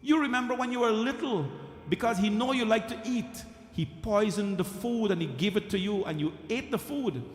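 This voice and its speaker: Stern scolding god voiced by a male storyteller, high voice, long hall echo. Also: normal speed, faint music behind, natural voice. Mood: urging. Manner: scolding, insistent questioning. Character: Lord Krishna, divine, commanding, scolding male god. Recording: reverberant temple hall.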